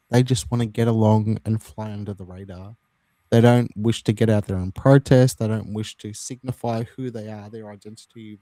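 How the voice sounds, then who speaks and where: A man's voice: lowish voice, no room sound. Man telling stories on a podcast. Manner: animated anecdote-telling. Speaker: podcast host. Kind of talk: casual podcast chat.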